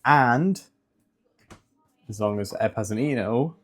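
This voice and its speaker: A man's voice: medium pitch, lively intonation, unhurried. A young man in casual vlog chat, rambling with many fillers and swearing, a fitness vlogger.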